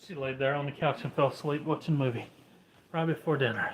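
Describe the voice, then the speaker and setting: A man's voice: mid-range voice, fast talker, slight background noise, low-quality recording. A man chatting casually at home, easygoing with dry humor. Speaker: homesteading vlogger. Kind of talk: casual chat.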